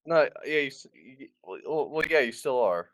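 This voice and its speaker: Animated young man, halting speech. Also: mid-range voice, no echo. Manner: animated, halting, many restarts. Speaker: podcast co-host. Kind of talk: casual podcast chat.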